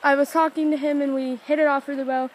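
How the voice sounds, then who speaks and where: A young woman telling a dream story in casual, excited chat, filmed on a handheld camera outdoors on a rock by a stream. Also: sits high, fast talker, rough recording. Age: young adult. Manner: excited, chatty, acts out quotes. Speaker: vlogger.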